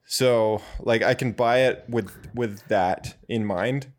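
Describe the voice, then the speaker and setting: A young man commenting casually on a movie, often restarting and trailing off as he thinks. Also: medium pitch. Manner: halting, repeats words and trails off. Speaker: film commentary co-host.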